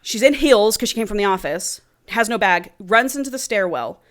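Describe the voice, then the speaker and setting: Brief: woman co-host, mid-pitch, casual profane plot recap. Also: animated, normal speed, fairly bright tone. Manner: swears freely, retells animatedly with "he's like". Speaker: podcast co-host. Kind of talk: casual book-club chat, retelling a plot.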